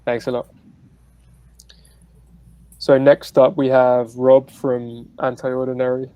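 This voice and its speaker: A man hosting an online startup pitch session, giving relaxed, brief prompts over a video call. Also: slow pace, clear, resonant tone, rough recording. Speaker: pitch event host.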